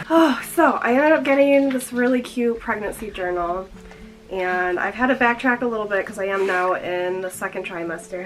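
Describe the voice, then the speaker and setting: A woman's voice: medium pitch, steady tone, moderate pace, soft background music, poor audio. A young woman chatting casually in a vlog, slightly out of breath, filling her talk with "like". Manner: chatty, fills with "like" constantly. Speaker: vlogger.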